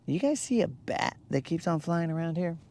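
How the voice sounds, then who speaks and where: A man's voice: a little high, very animated, moderate pace, darkish tone. A man hosting a live fishing stream from a lake at night, chatting casually and joking with his viewers. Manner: joking, rambling, teasing viewers.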